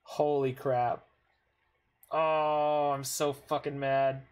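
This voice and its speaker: A man's voice: mid-range voice, flat delivery, very slow, clean tone. Swearing, easily frustrated male gamer. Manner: talks to himself while playing. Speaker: gaming streamer. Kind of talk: casual gameplay commentary.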